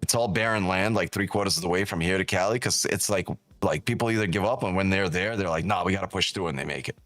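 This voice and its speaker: A man's voice: deep voice, quick pace, a bit bright, no room sound. A man hosting a live trading stream, joking and teasing viewers in casual, profane banter. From New York.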